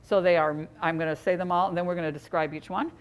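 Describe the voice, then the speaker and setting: A woman's voice: lowish voice, fairly even intonation, quick pace, smooth. A woman presenting a live training workshop to educators, talking in a conversational way and joking with the audience. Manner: conversational, chatty, jokes with the audience.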